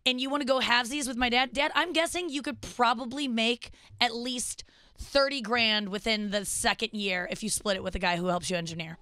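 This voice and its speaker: A woman in her thirties hosting a radio show, teasing and joking in quick banter. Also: on the high side, bright, forceful tone, dry recording, clean studio sound.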